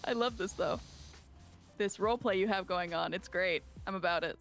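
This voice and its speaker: A man's voice: sits high, a little slow, fairly bright tone, soft background music. A man joining a gaming stream as a guest, teasing the host and laughing along. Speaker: guest co-player. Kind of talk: casual gaming-stream chat.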